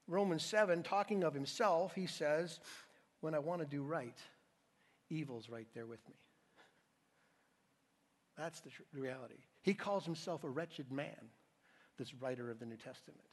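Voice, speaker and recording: A man preaching in a church with a fairly high voice. He is emphatic and swings between hushed, quiet passages and loud ones. The sound rings out with a long reverb from the hall. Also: normal speed, long pauses. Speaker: pastor. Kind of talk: sermon. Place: church sanctuary.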